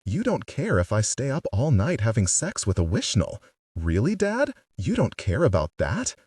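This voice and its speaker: A man's voice: mid-range voice, wildly swooping pitch, moderate pace, a little mellow, breathy edge, dry recording, clean studio sound, far from the mic. Man voicing a bitter defiant teen girl. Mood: accusing. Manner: bitter, accusing. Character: angry defiant teenage girl.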